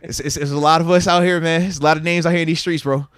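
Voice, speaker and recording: Animated man telling locker-room stories. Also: very fast, clean tone, dry recording, clean studio sound. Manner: animated, acts out quoted dialogue with big swings in pitch and loudness. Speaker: podcast host, former football player. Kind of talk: casual storytelling chat.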